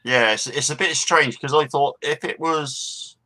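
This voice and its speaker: Bright-voiced Somerset man, laid-back. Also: a little high, measured pace. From Somerset, England. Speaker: panel guest. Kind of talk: casual live stream chat.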